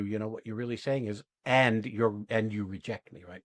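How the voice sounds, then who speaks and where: A man coaching actors after an exercise, talking casually and acting out quoted lines in animated bursts, often asking "right?" and swearing now and then. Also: fairly low pitch, normal speed, no room sound. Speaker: acting coach and podcast host.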